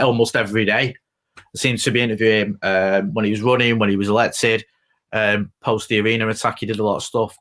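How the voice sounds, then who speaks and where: A man's voice: fairly low pitch, fairly bright tone. A man, co-hosting a casual podcast and telling stories in a chatty way, swearing freely. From Greater Manchester, England. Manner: chatty storyteller, swears freely, laughs often. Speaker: podcast co-host, former reporter.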